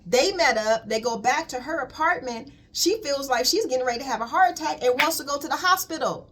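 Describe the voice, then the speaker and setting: High-voiced woman preaching wellness. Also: lively intonation, brisk, fairly bright tone. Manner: emphatic and repetitive, calls listeners "queen". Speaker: colon hydrotherapist. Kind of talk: casual spiritual wellness talk.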